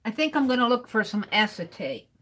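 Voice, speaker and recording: Bright, lively woman streaming her crafting. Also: fairly high pitch, fairly quick. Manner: chatty, talks to viewers by name, sounds out words playfully. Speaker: live-streaming artist. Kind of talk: casual live-stream chat while crafting.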